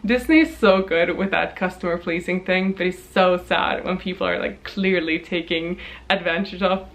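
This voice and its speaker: A woman in her twenties from Norway, telling a storytime vlog in a chatty, animated way with frequent laughs and swearing. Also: on the low side, normal speed. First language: Norwegian. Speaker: vlogger.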